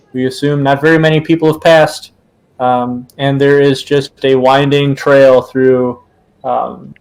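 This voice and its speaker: A man runs a tabletop game, narrating at a slow, deliberate pace. He hesitates often and fills gaps with little fillers as he sets the scene, his pitch sitting in an ordinary middle range. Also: poor audio. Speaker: game master.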